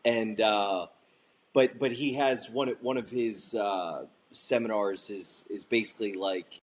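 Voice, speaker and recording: A man hosting an interview, asking his guest questions in a relaxed, conversational way. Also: fairly low pitch, a little slow, a little hiss or hum. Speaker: host.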